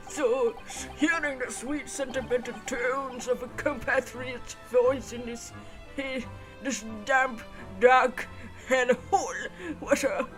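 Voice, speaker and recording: A woman's voice: sits high, fairly even intonation, slow, a bit bright, soft background music. A woman voicing a theatrical, eccentric young male student prisoner who talks in flowery, wailing outbursts. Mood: melodramatic.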